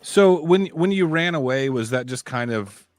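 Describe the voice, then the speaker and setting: A man's voice: fairly high pitch, expressive, moderate pace, no echo. Curious man asking questions. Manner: curious, asks short follow-up questions. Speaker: host interviewer. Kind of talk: casual interview questions.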